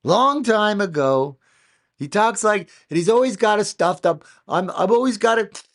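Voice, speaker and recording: A man doing an impression of a blustering male politician, with a drawn-out, nasal, boastful delivery. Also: high-pitched, expressive, fairly bright tone, pitched above the performer's own voice, full character voice. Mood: blustery.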